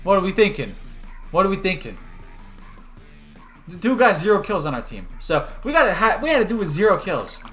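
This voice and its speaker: Lively young man streaming a game. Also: high-pitched, fairly quick, pauses often, soft background music. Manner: joking, swings between loud outbursts and mumbled asides. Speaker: gaming streamer. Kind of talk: live gameplay commentary.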